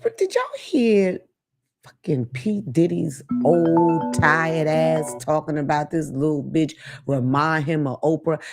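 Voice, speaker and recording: A woman hosting her own talk show, ranting casually with blunt, profane commentary. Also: deep voice. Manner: blunt, profane, animated rants. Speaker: podcast host.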